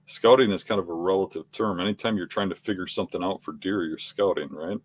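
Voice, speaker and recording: A middle-aged man talking in a matter-of-fact, unhurried way on a podcast. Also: deep voice. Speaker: podcast co-host, hunting guest. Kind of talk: casual conversation.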